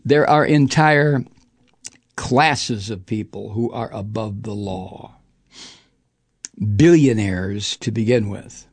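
Sarcastic, slow-talking male political ranter. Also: no echo. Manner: sarcastic and mocking, with sudden high jeering outbursts. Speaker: political commentary host. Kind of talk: profane political monologue reading news aloud.

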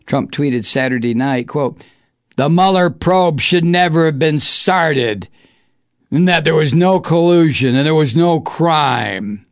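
A man's voice: fairly high pitch, slow pace, dry recording. A man hosting a profane political monologue, reading news aloud and mocking it sarcastically with sudden jeering outbursts. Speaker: political commentary host.

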